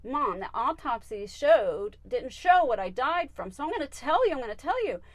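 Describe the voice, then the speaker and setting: A woman voicing the spirit of a departed male pet lizard, high and insistent, repeating its words as it reaches out to its owner. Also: very animated, moderate pace, no echo. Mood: urgent telling.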